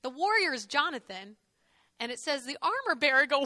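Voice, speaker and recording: High, bright woman teaching the Bible. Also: fairly quick, dry recording. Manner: lively, jokey, acts out the characters.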